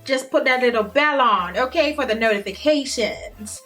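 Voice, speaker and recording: A woman's voice: on the high side, normal speed, bright, forceful tone, soft background music. A young woman talking through a makeup tutorial in a chatty, playful way, speaking directly to her viewers. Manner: chatty, playful, addresses viewers as guys and sis. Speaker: beauty vlogger. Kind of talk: casual makeup tutorial chat.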